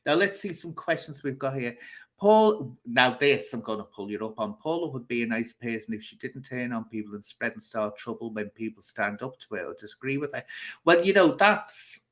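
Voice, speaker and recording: A chatty man hosts a casual talk show, spinning a long anecdote with theatrical flair. He talks at a middling pitch and breaks into laughter now and then as he tells it. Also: lively intonation, moderate pace, a bit bright. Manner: chatty, theatrical, laughs while telling stories. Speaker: host. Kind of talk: casual chat show storytelling.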